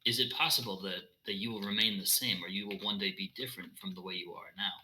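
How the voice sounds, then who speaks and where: A man voicing a calm male mystic who shows visions, gently questioning. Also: on the low side, quick pace, background noise, close to an everyday voice.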